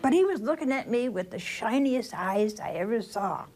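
A woman's voice: a little high, lively intonation, a little mellow. An older woman, a religious sister, giving a homely sermon, telling stories and asking the listeners questions. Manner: slow storytelling with rhetorical questions to the listeners.

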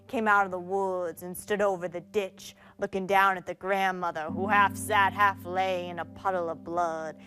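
A woman author reading her own story aloud in a slow, deliberate way. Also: lowish voice, a bit bright.

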